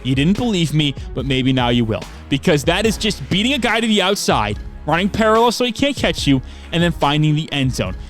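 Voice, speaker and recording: A young man narrates video game football highlights with excitable play-by-play energy, his voice sitting a little high for a man. He bursts into shouts on the big plays. Faint music plays underneath. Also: fairly quick. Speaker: video game dynasty commentator.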